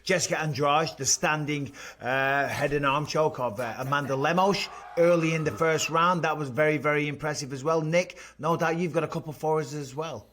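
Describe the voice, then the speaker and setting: A middle-aged man talks through fight techniques on a studio panel. His voice sits slightly high, and he jokes with his co-hosts, often restarting his sentences. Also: normal speed, hardly any pauses, slight background noise. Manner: animated, jokey, lots of "you know" and restarts. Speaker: fight analyst. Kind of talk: studio sports panel chat.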